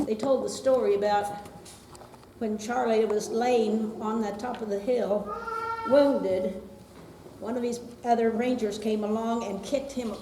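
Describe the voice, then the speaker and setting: A woman from the audience telling an informal, chatty story. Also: medium pitch. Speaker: audience member sharing a story. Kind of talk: informal anecdote. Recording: roomy hall with background noise.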